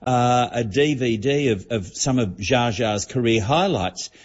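A man's voice: mid-range voice, measured pace. A man, telling celebrity gossip as an entertainment reporter on a radio show in a chatty, storytelling manner. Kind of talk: casual radio chat. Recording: dull lo-fi broadcast audio.

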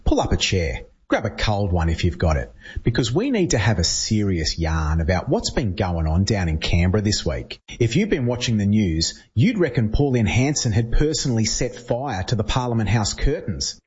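A synthetic voice playing a laid-back Australian man narrating a political video, with a husky drawl. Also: fairly low pitch, very animated, moderate pace, darkish tone, heavily acted. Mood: matey. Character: laid-back male Aussie bloke narrator. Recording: muffled audio played over a radio line.

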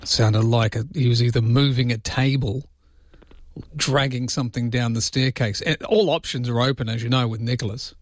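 A man's voice: mid-range voice, fairly even intonation, moderate pace, dry recording, clean studio sound. An Australian man hosting late-night talkback radio, chatty and rambling, with mock-indignant outbursts. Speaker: overnight radio host. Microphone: studio microphone.

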